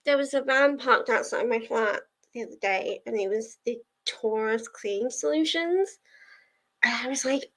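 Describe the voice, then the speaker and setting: Young woman chatting on a livestream, high voice, laughs a lot, a bit teary. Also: moderate pace, a bit bright, poor audio. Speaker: livestream host of reading sprints. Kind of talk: casual chat to a live audience.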